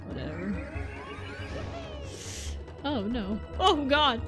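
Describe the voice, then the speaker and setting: A young woman commentating a platform game as a let's play host, exasperated and breaking into shouty outbursts, over game music. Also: fairly high pitch, lively intonation, drawn-out words, pauses often. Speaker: gaming channel host.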